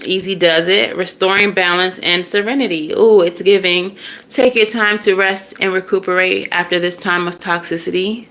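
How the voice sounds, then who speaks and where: A woman reading tarot in a loose, chatty way, full of slang and quick laughs. Her voice sits a little low and stays animated and expressive. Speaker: tarot reader.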